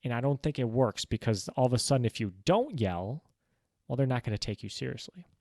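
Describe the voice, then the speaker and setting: A man's voice: medium pitch, lively intonation, a little fast, a little mellow, dry recording. Easygoing young man, dry close sound. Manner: easygoing, rambling, many "like" fillers. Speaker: book reviewer. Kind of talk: casual book summary monologue.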